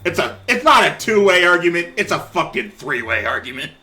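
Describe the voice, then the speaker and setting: Host, male, bright and a bit high, reads and riffs with laughs. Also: very animated, brisk. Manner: laughing, swearing, joking asides. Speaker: let's play host. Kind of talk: reading a game aloud with commentary.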